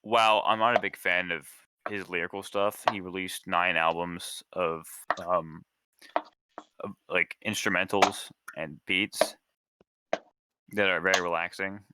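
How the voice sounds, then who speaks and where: A man chatting casually as a podcast guest over a voice call, pausing and restarting his sentences often. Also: low-pitched, steady tone, heavy background noise. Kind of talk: casual chat.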